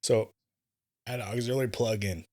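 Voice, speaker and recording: A man in his forties co-hosting a podcast, telling stories in a profane, animated way that swings from mumbles to loud bursts. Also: fairly low pitch, fairly quick. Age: 40s. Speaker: podcast co-host, jiu-jitsu black belt. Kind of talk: casual podcast banter.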